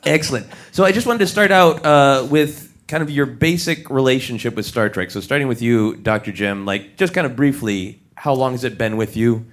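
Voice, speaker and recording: A man's voice: mid-range voice, moderate pace, hardly any pauses. A man hosting a live podcast on a theater stage in front of an audience, upbeat and jokey. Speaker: podcast host.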